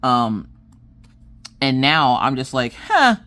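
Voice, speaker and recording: A woman's voice: extremely low pitch, normal speed, a bit bright, slight background noise. A woman chatting casually while she works on a diamond painting, telling stories with lots of restarts. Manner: chatty storyteller, restarts and laughs often. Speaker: crafting vlogger.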